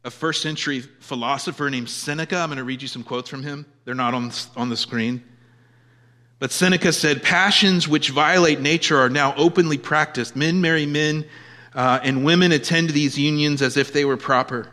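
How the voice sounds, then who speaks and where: A man preaching a sermon, emphatic, swinging from loud declarations to quiet asides. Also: a little high, normal speed. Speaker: pastor. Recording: long hall reverb.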